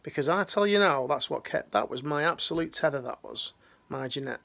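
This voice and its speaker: This middle-aged man, an ex-military life coach, has a gravelly, sharp voice on the high side and talks briskly and with animation. His motivational talk is earnest and slangy, rambling along with frequent restarts.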